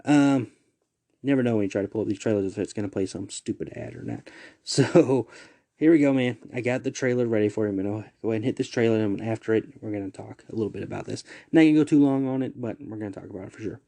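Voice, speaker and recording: A man's voice: on the low side, fast, gravelly, dark tone. A man hosting a casual solo podcast, reading out listings and rambling with laughs and asides. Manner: loose, rambling, laughs at his own asides. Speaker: podcast host.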